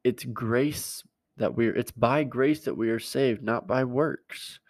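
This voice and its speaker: A man's voice: medium pitch, slow, no room sound. Man preaching a plain-spoken sermon, dry sound. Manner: plain-spoken, emphatic, repeats key words. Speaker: pastor. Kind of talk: conversational sermon.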